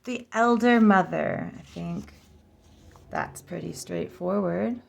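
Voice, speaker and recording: A woman hosting a casual flip-through vlog, slowly sounding out names aloud, correcting herself and musing with giggly asides. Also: fairly low pitch, creaky. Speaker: oracle deck reviewer.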